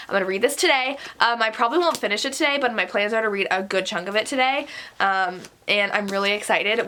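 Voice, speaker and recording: A woman's voice: on the high side, bright, forceful tone. A young woman with a stuffy nose, chatting casually in a vlog, rambling and full of "like". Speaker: book vlogger.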